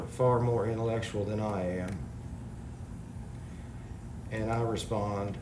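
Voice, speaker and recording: A man talking casually to his viewers, exasperated and rambling, reading out comments. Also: fairly low pitch. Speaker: parody video maker. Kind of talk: casual complaint to camera. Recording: echoey room with background noise.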